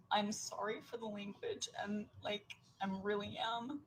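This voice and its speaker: American mom crying and cussing about bills, goes whispery, mid pitch. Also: female voice, steady tone, a little slow, a little hiss or hum, rough recording. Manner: profane, raw, voice breaking into whispers. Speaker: working mother venting online. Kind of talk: emotional rant to camera.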